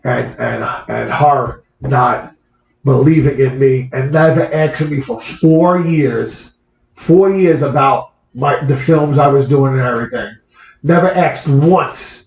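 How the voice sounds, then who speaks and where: A man, an actor, recalls a personal story in conversation, halting and repeating words as the feeling comes through. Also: mid-range voice, creaky, a little mellow. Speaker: actor, guest. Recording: roomy, dull lo-fi sound.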